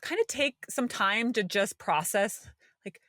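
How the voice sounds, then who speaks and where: Animated woman telling a story. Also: mid-range voice, a little slow, dry recording, studio quality. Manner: animated storytelling, acting out quoted voices. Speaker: podcast co-host. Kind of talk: casual podcast chat.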